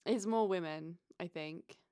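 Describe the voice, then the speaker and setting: A woman's voice: on the low side, a little slow, mellow, clear, resonant tone, no room sound. A British woman co-hosting a podcast, chatting candidly and swearing freely. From England. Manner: candid and profane. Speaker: podcast co-host. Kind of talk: casual chat. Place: recorded apart from co-host, living in Los Angeles.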